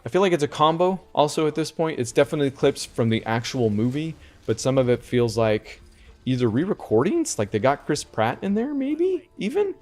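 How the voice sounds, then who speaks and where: A man with a fairly high, sing-song voice and a darkish tone talks fairly quickly. He hosts a casual video game podcast, reviewing games in conversational chat while rambling and frequently correcting himself.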